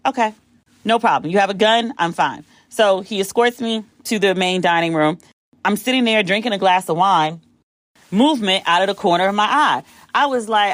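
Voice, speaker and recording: A woman from the United States hosting a podcast, telling a story casually and acting out the quotes with big jumps in pitch. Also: moderate pace, fairly bright tone, no room sound. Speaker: podcast host.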